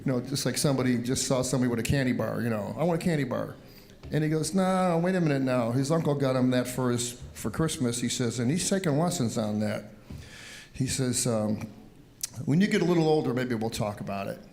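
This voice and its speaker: An older man from the Cleveland area recalls his early days as a musician. He talks in a relaxed interview style and acts out what people said as he goes. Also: mid-range voice. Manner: animated storyteller, acts out quotes. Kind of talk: storytelling interview.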